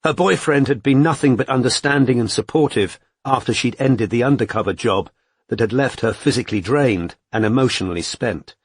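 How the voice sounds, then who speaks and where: Husky male narrator, dry close sound, even audiobook reading. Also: mid-range voice, no echo. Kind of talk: scripted narration.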